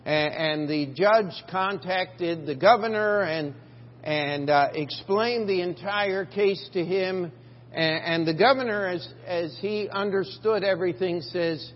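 An older man preaching a sermon as pastor, halting, with frequent fillers and restarts. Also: high voice. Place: church sanctuary. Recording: dull lo-fi church recording with long reverb and faint hum.

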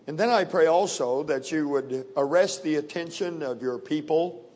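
A middle-aged man preaching a sermon, reading scripture in a measured, deliberate way and leaning on key words. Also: a little high, a little mellow. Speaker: pastor. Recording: long hall reverb.

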